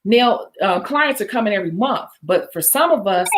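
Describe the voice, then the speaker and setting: A woman's voice: mid-range voice, lively intonation, moderate pace, a little hiss or hum. Chatty woman coaching nail techs. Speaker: nail tech educator. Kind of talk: instructional chat with role-play demo.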